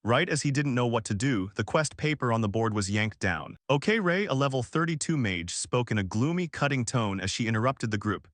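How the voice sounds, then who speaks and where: A man's voice: mid-range voice, expressive, fairly quick, few pauses, fairly bright tone, dry recording, studio quality. A man giving scripted, dramatic narration of a recap story.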